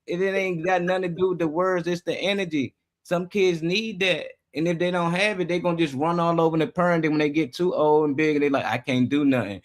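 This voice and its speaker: Blunt, profane man with a higher voice. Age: adult with children. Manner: blunt, profane, emphatic opinions. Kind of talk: casual chat.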